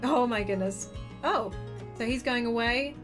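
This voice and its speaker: High-voiced woman reacting, amazed. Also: a little slow, music in the background. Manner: exclaiming, amazed. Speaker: host. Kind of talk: reaction commentary.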